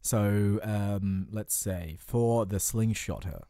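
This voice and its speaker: Low-voiced man laughing along on a podcast. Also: takes it slowly, warm tone, no room sound, studio quality. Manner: chuckling, agreeable, builds on ideas. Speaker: podcast co-host. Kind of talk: casual comedic brainstorming chat.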